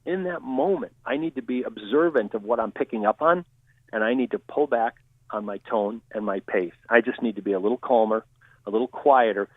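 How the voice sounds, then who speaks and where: A man who trains people in communication, answering interview questions in a steady, explanatory way. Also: medium pitch, fairly quick, dry recording. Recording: tinny phone-line audio.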